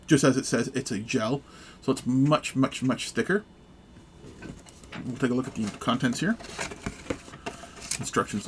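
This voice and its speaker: A man hosting a relaxed how-to video, talking through a repair with fillers and small jokes. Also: mid-range voice, background noise. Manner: relaxed, joking, hesitant with fillers. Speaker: gun repair video host. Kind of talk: casual how-to demonstration.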